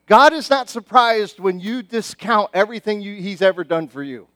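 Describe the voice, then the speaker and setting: A middle-aged man preaching a sermon as pastor, animated and conversational, often restarting his sentences. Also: sits high, moderate pace, no room sound.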